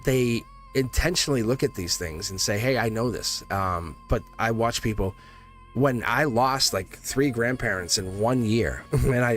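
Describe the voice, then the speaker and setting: Hosting a live tarot stream, a man in his forties talks emphatically and rambles, laughing between points. His voice is medium in pitch and a little bright.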